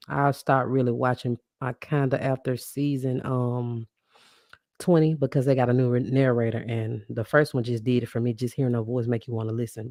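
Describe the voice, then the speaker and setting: A woman's voice: a bass voice, gravelly, mellow, no echo, clean studio sound. A woman hosting a live podcast, talking casually and animatedly to her listeners, often laughing and calling them y'all. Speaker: podcast host. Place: live stream reading comments.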